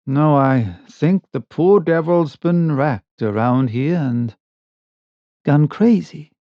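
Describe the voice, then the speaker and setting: A man voicing a startled, brusque sailor calling out into the dark. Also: fairly high pitch, slow pace, dry recording. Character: first-person sailor narrator, startled and brusque. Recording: dull lo-fi recording.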